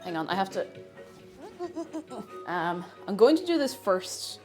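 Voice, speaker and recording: A woman's voice: medium pitch, big pitch swings, a little slow, faint music behind. A young Irish woman hosting a baking livestream from her home kitchen, chatting and rambling through stories with frequent laughs. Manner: chatty, rambling storyteller who laughs often. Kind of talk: casual chat while baking.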